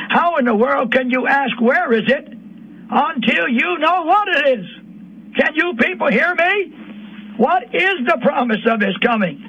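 A man's voice: very high-pitched, a bit bright. A man preaching an impassioned sermon on the radio, rising to emotional peaks. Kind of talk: fiery sermon. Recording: dull lo-fi radio broadcast.

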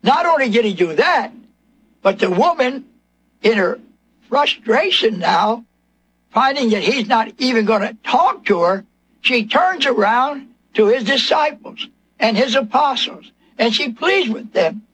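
A man's voice: very high-pitched, expressive, measured pace, a bit bright, breathy edge. A man preaching a sermon, asking his listeners question after question and acting out the voices from scripture.

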